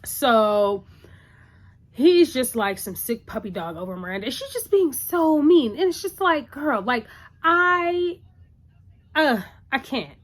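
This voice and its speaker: A woman's voice: high voice, sing-song, slow. A woman recapping a TV episode in a casual, chatty, opinionated way, full of "like" and "you know".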